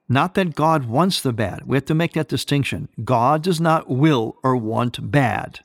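A male priest delivers a sermon at an ordinary middle pitch, leaning hard on key phrases and repeating them for weight. His voice is close and dry at the mic, yet a long reverb trails after each line. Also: expressive, measured pace, hardly any pauses.

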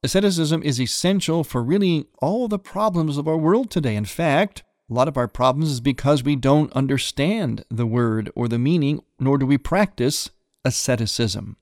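A man, a priest hosting a religious radio program, explains a spiritual term in a calm teaching manner and reads passages aloud from a book. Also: medium pitch, normal speed, no room sound, clean studio sound.

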